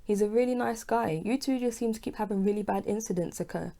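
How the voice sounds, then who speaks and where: A woman reading a kind, calming young female friend who looks after her. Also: mid-range voice, quick pace, creaky, voice pushed up, close to an everyday voice. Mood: caring. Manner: calming, caring, a little bossy.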